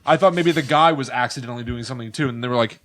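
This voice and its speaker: A man's voice: medium pitch, racing, a bit bright, no room sound. A man co-hosting a casual podcast, breaking in with jokey, quizzical questions. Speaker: podcast co-host. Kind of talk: casual chat.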